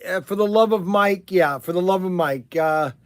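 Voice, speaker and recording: Casual livestream host, man, higher voice, rambly and excitable, dry close sound. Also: moderate pace, no room sound. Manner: rambling, animated, many restarts and fillers. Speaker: livestream host and shop owner.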